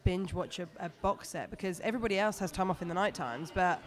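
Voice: mid-range voice, fast talker. A stand-up comedian, chatting in a casual interview in a rambling, self-deprecating way.

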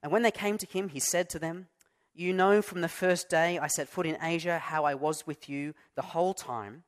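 A man preaches to his church in an easy, conversational way. He pokes fun at himself and leans hard on key words for emphasis. His voice sits a touch higher than most men's. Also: normal speed. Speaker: pastor. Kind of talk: sermon.

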